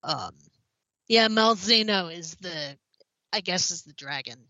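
A woman co-hosting a gaming podcast, reading news in casual chat, a little hoarse, with lots of ums. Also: fairly low pitch, animated, a little slow, bright, forceful tone, dry recording. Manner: chatty, many ums, slightly hoarse. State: slightly hoarse. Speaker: podcast co-host. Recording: slightly dull, dry.

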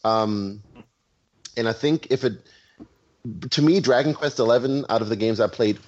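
A man's voice: medium pitch, normal speed. A man chatting on a podcast panel, hesitant with many ums and restarts, over an online call. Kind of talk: casual chat. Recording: muffled online call audio.

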